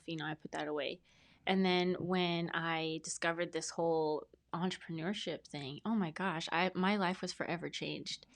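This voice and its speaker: A woman in her thirties, a podcast guest telling her story in a casual, earnest, rambling way with many fillers and restarts. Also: on the low side. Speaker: podcast guest, brand specialist.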